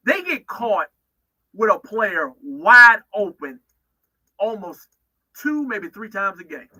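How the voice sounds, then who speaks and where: A man's voice: sits high, big pitch swings, slow, pushed and bright, poor audio. A man giving opinionated football analysis on sports talk radio, emphatic and often restarting his phrases.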